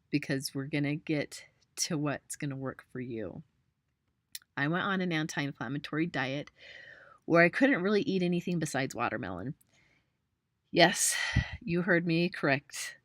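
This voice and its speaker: Low-voiced woman hosting a webinar. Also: no echo, clean studio sound. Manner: chatty and personal, addresses viewers as "you guys", laughs often. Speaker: personal trainer and webinar host. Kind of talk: casual webinar presentation.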